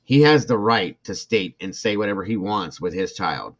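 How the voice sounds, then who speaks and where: Deep-voiced irritated livestream host, a man. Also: expressive, normal speed. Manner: emotional, irritated, talks to chat viewers by name. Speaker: true crime livestream host. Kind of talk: casual livestream commentary reading a report.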